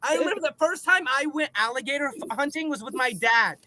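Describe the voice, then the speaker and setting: A young man from the South telling wild childhood stories in a casual, deadpan, nonchalant way, with frequent laughs. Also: extremely high pitch, brisk, over a noisy crowd. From Southern US, North Carolina. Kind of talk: casual storytelling chat.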